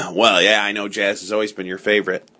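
An American man hosts a relaxed conversation, asking questions and explaining ideas with patience. His voice is bright and forward. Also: fairly low pitch, brisk, creaky. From United States. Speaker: podcast host. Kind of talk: casual chat.

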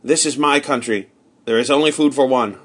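A man reading the part of a grim, weary soldier with a hoarse voice, speaking in blunt, gloomy declarations. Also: medium pitch, a little fast, lightly acted. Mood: wary. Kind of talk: audiobook character reading.

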